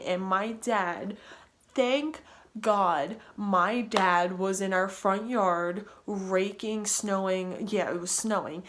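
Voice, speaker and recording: Woman rambling through a storytime vlog. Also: medium pitch. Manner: breathless, rambling retelling with repeats and restarts. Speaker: vlogger.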